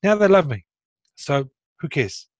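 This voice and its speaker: Speaking a touch slowly in a fairly high voice, a middle-aged guest recounts recovering from a stroke. The chat is casual, his tone earnest and blunt, livening up when he relives moments; there's no room sound.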